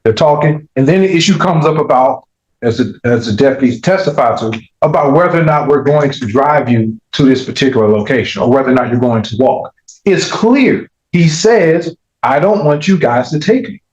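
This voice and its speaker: A male defense attorney argues before the court, insistent and climbing in pitch as he presses each point. The courtroom audio echoes and sounds dull and muffled. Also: expressive, normal speed, a little mellow. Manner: argumentative, rising in pitch when pressing a point. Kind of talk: courtroom legal argument.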